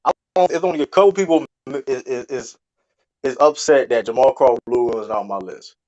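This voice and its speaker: Deep-voiced guy arguing loud on a panel, keeps repeating himself, dry lo-fi sound. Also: brisk, no room sound. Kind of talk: heated panel debate.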